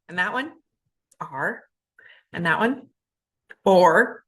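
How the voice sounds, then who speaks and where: A woman with a bright, clear voice leads a phonics drill at a very slow pace. She sounds out each letter sound and word part one at a time, deliberately and carefully. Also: medium pitch. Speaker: ESL teacher.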